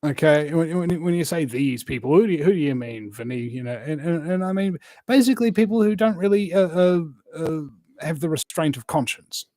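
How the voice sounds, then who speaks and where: A man's voice: a little high, expressive, a little fast, dark tone, no room sound. Rambling New man, dry sound. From New Zealand. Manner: rambling, emphatic, with many fillers and restarts. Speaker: guest. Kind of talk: casual conversation.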